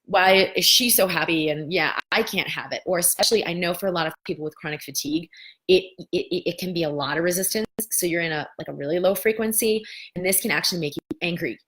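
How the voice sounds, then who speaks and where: A woman in her thirties answering viewer questions in a casual spiritual coaching talk, animated and playing out the voices of doubters. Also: fairly low pitch, quick pace.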